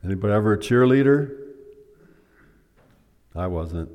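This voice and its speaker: A man's voice: fairly low pitch, lively intonation, moderate pace, phone-quality sound. A man preaching a sermon, teaching by asking the congregation questions. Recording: long hall reverb.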